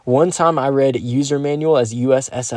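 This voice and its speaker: A man's voice: mid-range voice, steady tone, normal speed, darkish tone, dry recording. Chill young dude streaming a game, reads chat, hypes his plays, medium voice, dry sound. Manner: laid-back, upbeat, slangy, talks to chat. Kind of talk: live-stream gameplay commentary and chat reading.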